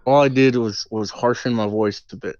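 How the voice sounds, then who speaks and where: A man's voice: mid-range voice, steady tone, normal speed, a little mellow, clear, resonant tone, highs cut off. A man co-hosting a casual podcast, recapping a film with lots of fillers and acted-out quotes. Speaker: podcast co-host leading the movie breakdown.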